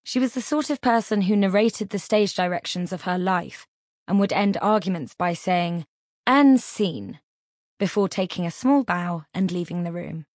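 An audiobook narrator, a woman with a low voice, reads scripted narration with measured, expressive storytelling. The recording is completely dry.

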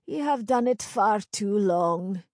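A woman voicing a wise old crone with the sight, speaking in a slow, knowing, archaic way. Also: medium pitch, lively intonation, a little mellow, no room sound, clean studio sound. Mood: cryptic. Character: wise old female crone seer, cryptic.

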